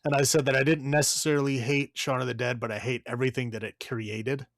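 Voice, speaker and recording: A man's voice: medium pitch, flat delivery, fast talker, dry recording, clean studio sound. A man co-hosting a podcast, giving a blunt, profane, rambling movie review with lots of fillers. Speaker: podcast co-host. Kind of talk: casual movie review chat.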